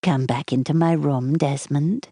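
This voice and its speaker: A woman voicing a cold, manipulative glamorous novelist, silky on the surface with a sharp, commanding edge. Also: low-pitched, unhurried, breathy edge, dry recording, studio quality, heavily acted. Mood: soothing.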